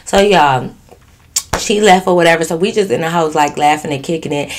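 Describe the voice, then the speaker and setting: A young woman vlogger telling a casual story in an animated, profane way, keeps breaking into laughter. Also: sits low, a little fast. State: giggly.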